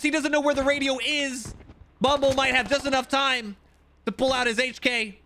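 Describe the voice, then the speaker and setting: A man commentating recorded shooter gameplay, excitable and quick to react, with wry asides. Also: very high voice, a little hiss or hum. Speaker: gaming channel host.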